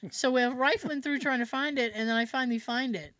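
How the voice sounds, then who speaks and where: A woman's voice: sits high, steady tone, fairly quick, a bit bright. A woman co-hosting a podcast, animatedly telling a personal anecdote in casual chat and swearing freely. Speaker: podcast co-host.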